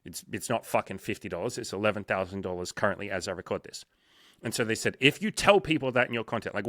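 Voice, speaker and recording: Profane, emphatic male coach, bright voice. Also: on the low side, dry recording, clean studio sound. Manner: profane, emphatic, acts out sales calls in quoted voices. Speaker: dating and life coach. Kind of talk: casual podcast conversation.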